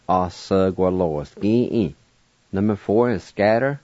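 A man giving a radio language lesson, spelling each word letter by letter and then pronouncing it with careful, deliberate patience. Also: on the low side, darkish tone, dry recording, lo-fi sound. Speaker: language teacher.

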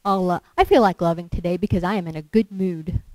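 A woman's voice: on the low side, fast talker, darkish tone, dry recording, rough recording. A woman preaching a sermon in a conversational way, asking the listeners questions and acting out little quotes. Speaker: lay preacher.

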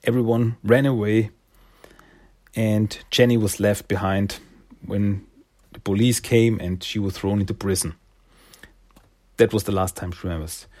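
A man's voice: fairly low pitch, steady tone, measured pace, long pauses, a little mellow. A man casually recapping a comic issue, rambling and loose with many fillers. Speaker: comic reviewer.

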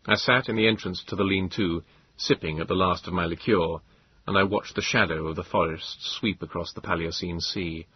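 A man narrating a story in the first person, with expressive, measured storytelling. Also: low voice, slightly rough, lo-fi sound. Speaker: audiobook narrator.

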